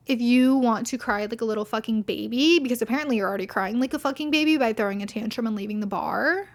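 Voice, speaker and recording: A young woman talks straight to her podcast listeners in a casual, unscripted monologue. Her voice sits a little high, and she is blunt and indignant, cursing freely and filling her sentences with "like". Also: brisk. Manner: blunt, heavy swearing, frequent "like"; indignant, venting. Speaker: podcast host.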